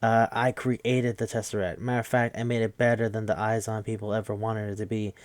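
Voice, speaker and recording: Guy quoting a runaway scientist, low-pitched, plain explanatory delivery, dry close sound. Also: little pitch movement, fairly quick, no room sound, lightly acted. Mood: matter-of-fact. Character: adult male scientist on the run, matter-of-fact.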